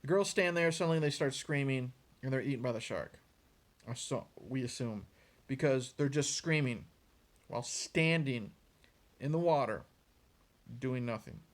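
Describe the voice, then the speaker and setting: A man's voice: medium pitch, moderate pace, pauses often. A man giving a casual, sarcastic, profane rant reviewing a movie, sounding exasperated and mocking. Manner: sarcastic, exasperated, swears freely.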